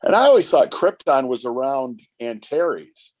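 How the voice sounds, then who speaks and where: Lively, teasing man joking on a call. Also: medium pitch, a little slow. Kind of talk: casual online chat. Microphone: online call mic.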